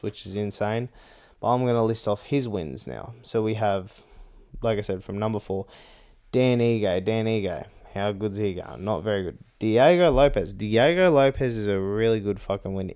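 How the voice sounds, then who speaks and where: Young guy ranting about fight picks, lowish smooth voice, swears a lot, says bro and like constantly. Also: a little mellow. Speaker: MMA fight predictor. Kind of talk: casual fight-prediction rant.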